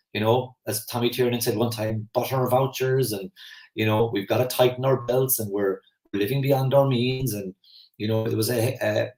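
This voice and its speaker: A man's voice: mid-range voice, a little mellow, roomy sound, poor audio. Irish man in his forties, chatty coach. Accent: Irish, Kerry. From Ireland. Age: 40s. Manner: rambling, anecdotal, conversational with fillers. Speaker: personal development coach. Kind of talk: casual spoken talk.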